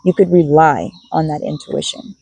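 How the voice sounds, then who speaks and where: A woman with a husky, breathy voice doing a spiritual card reading for her viewers. She sits a little low in pitch and muses aloud, repeating key words as she works through the cards. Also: normal speed, warm tone, low-quality recording. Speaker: tarot and oracle card reader.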